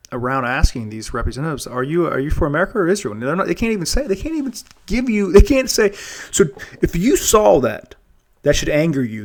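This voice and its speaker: A man hosting a casual monologue show, rambling and earnest, often restarting and repeating words. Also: mid-range voice. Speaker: podcast host.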